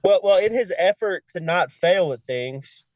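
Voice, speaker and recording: A man co-hosting a podcast, chiming in with quick agreements and jokes in casual chat. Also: high-pitched, lively intonation, no echo, poor audio. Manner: short agreeing interjections, jokey. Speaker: podcast co-host.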